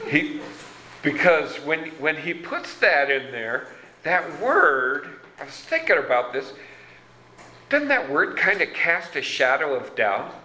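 A man preaching a sermon as pastor, slow and deliberate, reading scripture with dramatic emphasis. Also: fairly high pitch, big pitch swings, sharp tone, a little hiss or hum. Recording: roomy echo.

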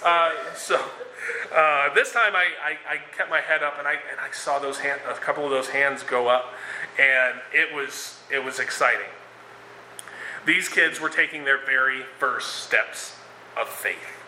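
A man's voice: medium pitch, a little slow, sharp tone, slight background noise. A man giving a conversational sermon, with frequent fillers and restarts as he explains scripture and tells a story. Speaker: preacher. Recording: echoey room.

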